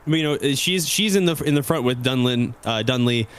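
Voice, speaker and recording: A man's voice: medium pitch, expressive, a little fast, clean tone. A man narrating a tabletop game as game master, rambling with many restarts.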